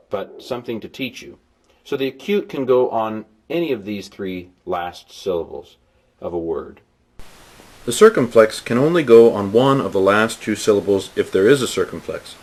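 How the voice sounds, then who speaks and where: A man tutoring in an informal recorded lesson, folksy, with playful asides, sounding syllables out slowly. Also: medium pitch, darkish tone. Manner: folksy, explains with playful asides and repeated examples. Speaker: Greek tutor.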